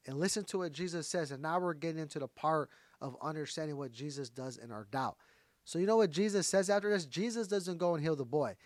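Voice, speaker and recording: Guy teaching the bible, kinda high voice, dry close sound, chats right at you. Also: quick pace, no echo. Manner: conversational, talks straight to viewers. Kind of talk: casual sermon-style Bible teaching.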